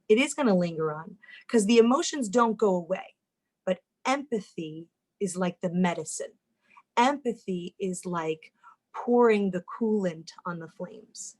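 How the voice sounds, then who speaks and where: A woman family therapist giving a lively talk on parenting, acting out the inner voices of parents and kids, often repeating words as she goes. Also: mid-range voice, rough recording. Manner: animated, acts out parents' and kids' inner voices; repeats words and restarts sentences when speaking.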